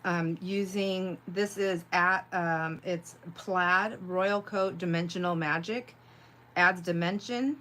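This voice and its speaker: Chatty woman with a low voice. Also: fairly even intonation, takes it slowly, bright, forceful tone, slight background noise. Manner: rambling and chatty, heavy on "like", laughs easily; reads viewer comments aloud and answers them. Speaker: craft livestream host. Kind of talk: casual crafting livestream chat.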